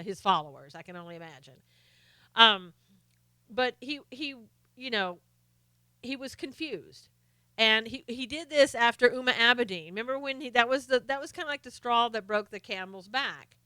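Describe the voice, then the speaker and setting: A woman's voice: medium pitch, bright, forceful tone, clean tone, dry recording. A middle-aged woman hosting a live stream, chatting casually and sarcastically about politics while greeting viewers by name.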